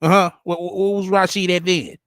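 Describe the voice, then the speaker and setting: A man's voice: high voice, flat delivery, a little fast, fairly bright tone, no echo, clean studio sound. A man giving casual reaction commentary on a clip, crude and profane in a mocking way.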